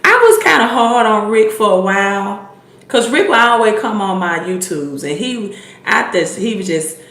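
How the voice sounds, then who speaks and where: A woman with a Mississippi Southern accent hosts a casual livestream as a credit coach, chatting with and coaching her viewers, calling them y'all and repeating herself as she goes. Her voice is medium-pitched, animated, and a bit bright at a moderate pace, with a roomy sound.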